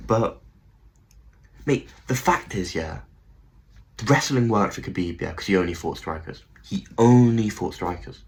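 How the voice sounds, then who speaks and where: A man hosting a casual commentary rant about fighters. He is excitable, swears a lot and repeats himself. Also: on the low side, unhurried, poor audio. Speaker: MMA commentary channel host.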